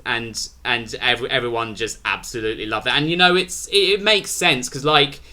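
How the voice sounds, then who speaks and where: A man's voice: mid-range voice, a little fast, bright, forceful tone. A British man rambling through a casual review of a wrestling show, restarting his sentences often. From Britain.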